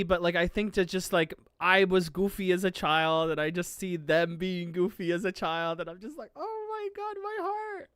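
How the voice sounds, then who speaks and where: Gushing over an anime in a casual live-stream chat, this streamer laughs a lot and nearly cries from emotion. Their medium-pitched voice is clear and resonant, recorded without echo.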